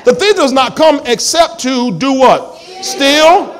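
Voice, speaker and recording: A man's voice: very high-pitched, expressive, takes it slowly. A male pastor preaching a sermon in a church, emphatic and full of call-and-response questions to the congregation.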